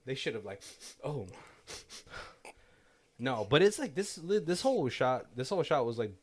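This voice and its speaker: A man co-hosting a casual movie podcast, talking in a rambling, animated way and laughing often. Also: medium pitch, a little slow. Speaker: podcast co-host.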